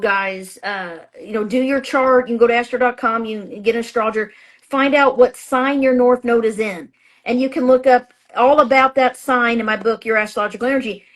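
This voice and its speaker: A woman with a voice pitched a little high talks as a guest astrologer in a relaxed interview. She speaks in a chatty, emphatic way, restarting sentences and filling pauses as she goes. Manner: acts out her own past thoughts in a raised voice. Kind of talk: casual interview talk.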